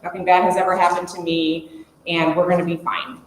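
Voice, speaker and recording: A woman in her forties telling a lively story to a conference audience, laughing as she goes. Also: on the low side, a little fast. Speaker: conference speaker. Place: conference room. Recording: echoey conference room, faint hum.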